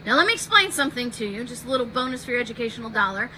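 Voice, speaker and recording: A woman podcast host telling a history story in an animated way, acting out the quotes. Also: on the high side, very fast, slight background noise, poor audio.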